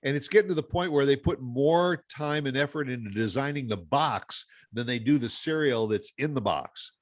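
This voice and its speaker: A man hosting a podcast in casual chat, speaking haltingly with frequent restarts. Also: medium pitch. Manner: halting, many restarts and fillers. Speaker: podcast host.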